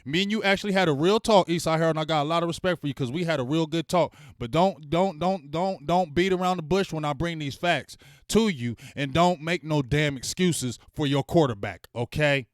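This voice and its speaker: A man hosting a fan channel, ranting bluntly and with plenty of swearing as he heckles rival fans and shouts out viewers in his live chat. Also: on the high side, brisk, few pauses, dry recording, studio quality. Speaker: sports fan channel host.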